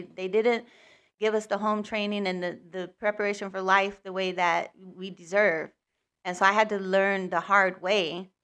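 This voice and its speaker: A woman's voice: medium pitch, bright, forceful tone, clean tone. A woman hosting a spiritual livestream, telling a personal story in a candid, rambling way with many fillers.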